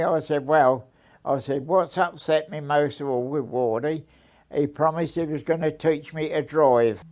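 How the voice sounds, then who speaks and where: A man's voice: a little high, steady tone, darkish tone. An older man, recounting his past in an oral history interview and acting out old conversations. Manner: unhurried, repeats himself, acts out old conversations.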